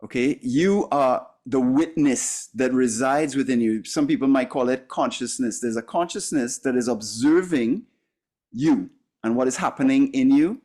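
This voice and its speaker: A man's voice: medium pitch, measured pace, dark tone. A man coaching a class, speaking in an earnest, emphatic way with frequent fillers and restarts. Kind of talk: teaching a masterclass.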